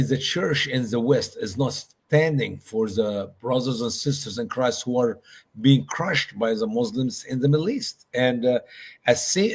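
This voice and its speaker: A man's voice: medium pitch, breathy edge. A man speaking as a guest in a conversational discussion, emphatic and repeating his points for stress.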